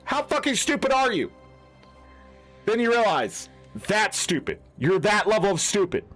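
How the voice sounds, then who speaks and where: A man's voice: high voice, a bit bright. A man who streams games, ranting in an unscripted, heated, profane way. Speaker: gaming streamer. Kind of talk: unscripted rant.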